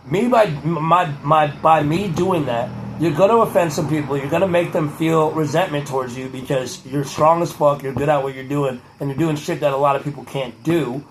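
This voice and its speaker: A man puts on a boastful older public figure giving a rambling motivational monologue. The voice sits fairly high for a man, keeps circling back to the same phrases and swears freely, with a touch of a Boston accent. A faint background hiss runs under the voice. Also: normal speed, hardly any pauses, natural voice, low-quality recording. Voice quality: rambling, repetitive, profane. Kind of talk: comedic impression monologue.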